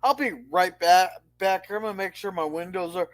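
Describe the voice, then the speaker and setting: A man with a notably high voice joins a casual panel discussion. He drops short, offhand remarks into the conversation rather than holding the floor, keeping everything loose and conversational. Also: fairly quick, a little hiss or hum. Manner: brief offhand interjections. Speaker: panel guest. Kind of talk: casual chat interjections.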